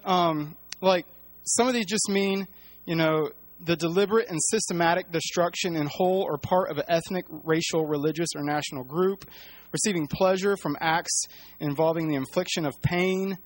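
A man leading a casual Bible teaching. He talks in a halting way, with many fillers and restarts. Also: a little high, no echo.

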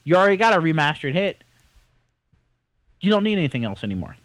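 A man co-hosting a casual podcast, talking in an animated, rambling and opinionated way. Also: fairly high pitch, fast talker, dry recording, poor audio. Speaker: podcast co-host. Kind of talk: casual chat.

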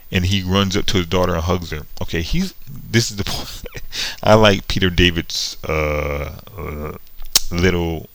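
A man's voice: sits low, a little slow, fairly bright tone, no echo, rough recording. A man casually retelling a comic book story, sarcastic and often breaking into laughter. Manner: sarcastic, laughing between lines.

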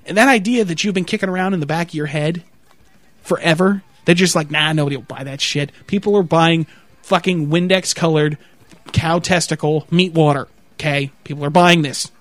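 A man's voice: on the high side, normal speed, dry recording. A man in a profane, comedic rant, reading a list aloud with mock announcer delivery and repeating "okay?" in disbelief. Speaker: vlogger reacting to a product website.

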